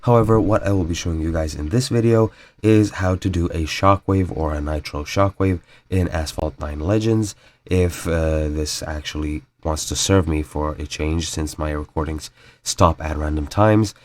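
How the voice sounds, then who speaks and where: A man's voice: a bass voice, normal speed. A man narrating a gameplay tutorial in a casual, chatty way, his voice nasal from a cold, with fillers and stumbles. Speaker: gaming tutorial creator.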